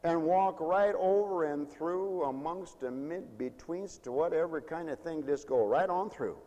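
High, lively preacher in a reverberant hall. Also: male voice, unhurried. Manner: animated, playful, laughs often, acts out whiny voices. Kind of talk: lively sermon.

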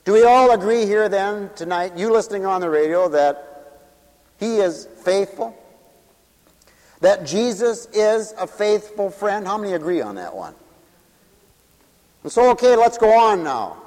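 Male preacher, sermon in a big reverberant hall, hammering questions, loud then hushed. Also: high voice, expressive, a little slow, pauses often. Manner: emphatic, rhetorical questions, sweeping swings in volume.

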